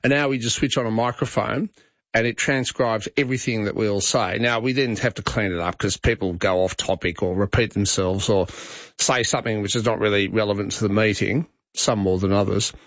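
A man's voice: fairly low pitch, brisk, a bit bright, no room sound. Aussie talkback host guy, middle-aged, rambly and chatty, dry dullish studio mic. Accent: Australian. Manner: chatty, rambling, frequent restarts. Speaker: radio host. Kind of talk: talkback radio chat. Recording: dry, slightly dull studio sound.

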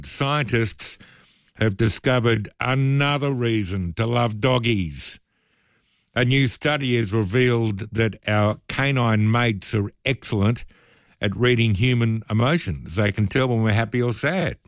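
A man's voice: on the low side, dry recording. A man with an Australian accent hosting a casual talkback radio show, chatty and self-deprecating, with loose asides, speaking into a studio microphone. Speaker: radio host.

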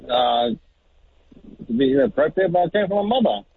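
Gravelly Australian trucker on a phone line. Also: male voice, on the high side, lively intonation. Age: 40s. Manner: halting, full of fillers, gravelly. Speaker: caller, truck driver. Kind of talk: phone-in chat. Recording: tinny dry phone line.

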